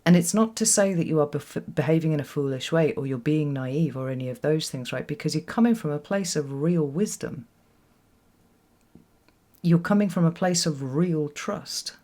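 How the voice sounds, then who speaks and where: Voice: mid-range voice, moderate pace, mellow. A tarot reader giving a solo reading to camera in a reflective way, often repeating words for emphasis and checking in with "right?". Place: home with children nearby.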